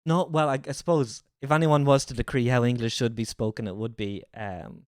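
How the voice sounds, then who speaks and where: A man's voice: mid-range voice, brisk, darkish tone, dry recording, studio quality. A man streaming a reaction to a video, riffing with incredulous, swearing commentary.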